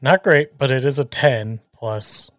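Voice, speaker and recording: A young man playing a tabletop game in a laid-back, joking way, full of fillers. His voice is at a middling pitch and sounds dry and close. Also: a little slow, fairly bright tone, dry recording. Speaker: player. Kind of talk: casual tabletop play.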